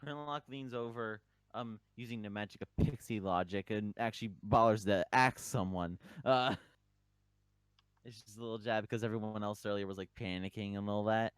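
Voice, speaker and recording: A man with a low voice and a dry, close sound. He is chatty and laughs between explanations while he plays a casual tabletop role-play. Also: normal speed, smooth, no echo. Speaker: player.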